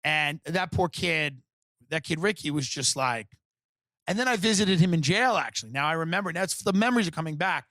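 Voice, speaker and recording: A man's voice: on the high side, expressive, a little fast, a bit bright, no echo, clean studio sound. A man from Long Island telling rambling, sardonic stories as a comedian podcast host. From Long Island, New York. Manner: rambling, sardonic, jumps between voices. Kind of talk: casual storytelling.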